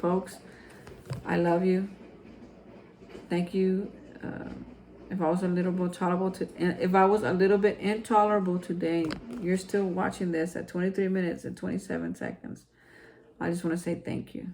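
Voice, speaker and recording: A man's voice: sits high, fairly even intonation, moderate pace, vocal fry, rough recording. Man, daily reflection vlog, rambling, earnest, encouraging, faint background noise. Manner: rambling, repeats and restarts, addresses viewers as folks; earnest and encouraging, drops to a hushed close. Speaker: recovery vlogger. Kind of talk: heartfelt daily reflection talk.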